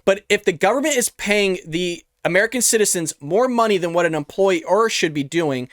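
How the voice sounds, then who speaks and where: A man's voice: sits high, lively intonation, moderate pace, fairly bright tone, no room sound. A man hosting a reaction show, giving opinionated commentary and calling his viewers folks, close to his microphone. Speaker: show host. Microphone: close studio microphone.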